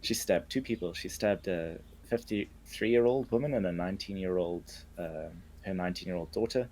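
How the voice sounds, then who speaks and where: A man on a podcast recounting news stories in a casual, hesitant, halting way. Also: low-pitched, a little mellow. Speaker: podcast co-host presenting news.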